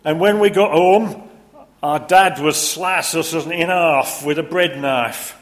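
Guy doing a loud high old yorkshireman, yorkshire accent, bragging and overdone. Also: slow. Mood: boastful. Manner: high, loud, exaggerated one-upmanship. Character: boastful old male Yorkshireman bragging about hardship.

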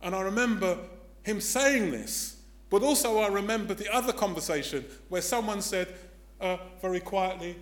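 An older man preaching a sermon, emphatic and dramatic, swinging between loud declarations and hushed tones. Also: high-pitched, moderate pace.

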